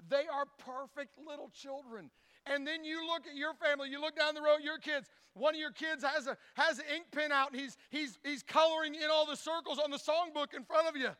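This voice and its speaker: A man's voice: very high-pitched, fairly even intonation, fairly quick, pushed and bright. A man preaching a folksy, humorous sermon who acts out little scenes and often stumbles and repeats words. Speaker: pastor.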